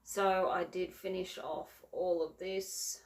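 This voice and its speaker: A woman's voice: fairly low pitch, little pitch movement, slow pace, a little mellow. A woman chatting casually about her cross-stitch projects, rambling and correcting herself as she goes. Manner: rambling, self-correcting, filler-heavy. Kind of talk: casual show-and-tell chat. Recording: roomy, from a distance.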